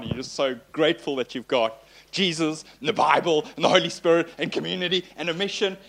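A man preaching as a pastor in a relaxed, conversational way, with a voice that sits a little high. He tells personal stories with self-deprecating humor and fills his pauses with plenty of ums and uhs. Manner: chatty and self-deprecating, with frequent fillers.

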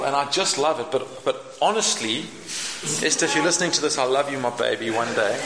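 A man preaching a sermon in an animated, humorous way, acting out the voices in the scripture. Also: on the high side. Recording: echoey room with background noise.

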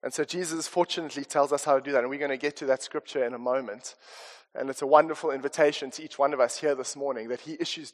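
South african guy preaching, casual and earnest, bit higher voice, echoey church hall. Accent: South African English. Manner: conversational, earnest, chatty asides with fillers. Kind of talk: sermon. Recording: long reverb of a church hall.

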